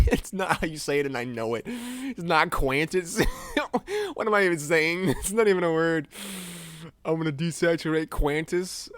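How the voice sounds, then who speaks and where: A man's voice: a little high, no room sound. Rambling, laughing American man streaming. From United States. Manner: rambling, self-mocking, laughs often. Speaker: streamer editing images live. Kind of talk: casual live-stream commentary.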